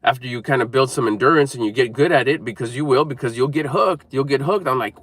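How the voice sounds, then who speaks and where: A man's voice: mid-range voice, fast, hardly any pauses, a bit bright, no echo. A man giving an emphatic, repetitive motivational talk to camera, coaching viewers. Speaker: motivational speaker.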